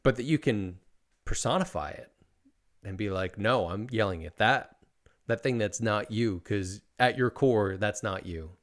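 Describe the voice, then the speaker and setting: Male podcast host, thirties, lowish voice, casual and profane, rambling delivery. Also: measured pace. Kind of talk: casual conversational interview.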